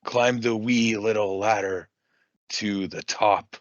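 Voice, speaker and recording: A man doing a slow, goofy impression of a tiny boastful male wrestler who loses his train of thought. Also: on the low side, fairly even intonation, dry recording. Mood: goofy boasting. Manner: slow, drawn-out, forgets what he was saying. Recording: dull lo-fi podcast mic.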